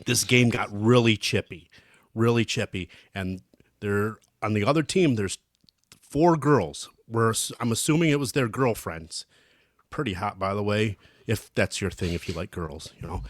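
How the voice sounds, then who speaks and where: A man's voice: on the low side, moderate pace, dry recording, studio quality. Rambling man telling a hockey story. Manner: rambling storyteller, many ums and restarts. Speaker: podcast co-host. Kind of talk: casual chat.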